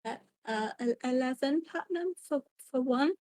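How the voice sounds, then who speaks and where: A woman's voice: high voice, moderate pace, a little mellow, dry recording, low-quality recording. A woman playing in a tabletop game, talking hesitantly with many ums and restarts. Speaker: player. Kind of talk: casual in-character play.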